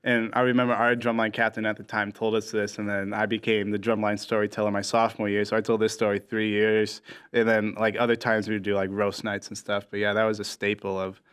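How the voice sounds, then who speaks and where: A man's voice: fairly low pitch, little pitch movement, a little fast, a bit bright, clean tone. Young man telling a shaggy-dog joke. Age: young adult. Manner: tells a long shaggy-dog joke, acting out voices. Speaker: podcast guest. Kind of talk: casual storytelling.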